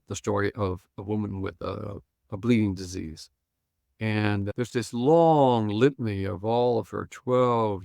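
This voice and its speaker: An older man with a low, gravelly voice retells scenes as a guest scholar and pastor. He slips into the characters' lines and chuckles as he talks. The sound is close and dry. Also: no room sound. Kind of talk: animated storytelling on a podcast.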